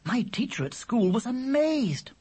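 Reader doing a worried little girl, high and breathy, lively up and down. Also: unhurried, exaggerated voice. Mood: worried earnest. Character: young schoolgirl, anxious and earnest. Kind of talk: audiobook character voice.

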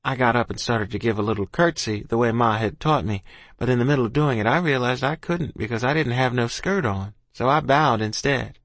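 A man's voice: medium pitch, fairly quick, a bit bright, dry recording. Man narrating a folksy first-person story. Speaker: audiobook narrator.

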